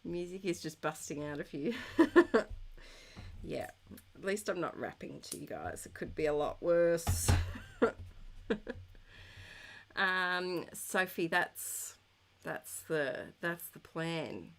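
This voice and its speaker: A woman's voice: fairly low pitch, animated, slow, creaky, long pauses. A woman live-streaming scrapbooking from home, chatting casually with viewers, giggly and thinking aloud with lots of ums. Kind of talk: casual chat while crafting, reading viewer comments.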